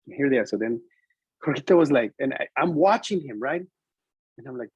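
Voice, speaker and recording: Husky-voiced man telling a classroom story. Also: medium pitch, a little fast, long pauses, dry recording, poor audio. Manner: animated, switches between English and Spanish. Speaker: preschool teacher presenting to educators. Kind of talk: storytelling presentation.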